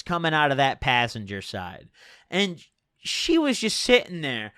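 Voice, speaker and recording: A young man telling a personal story on his channel, animated and exasperated, swearing freely. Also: a little high, unhurried, no room sound, studio quality. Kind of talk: storytime vlog.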